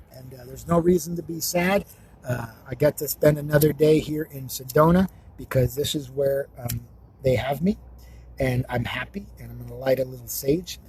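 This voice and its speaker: Male spiritual healer, slow and repetitive, chant-like talk to camera, slightly high voice, faint background noise. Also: darkish tone, low-quality recording. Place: outdoors.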